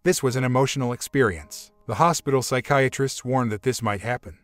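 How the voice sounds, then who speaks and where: A man narrating a first-person relationship story at an even, measured pace. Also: mid-range voice, no room sound.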